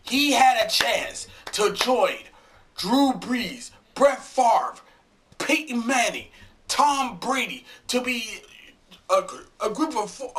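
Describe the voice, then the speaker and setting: Bright-voiced man in an angry football rant. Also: extremely high pitch. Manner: swearing, repeats himself, stumbles over words. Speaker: sports fan vlogger.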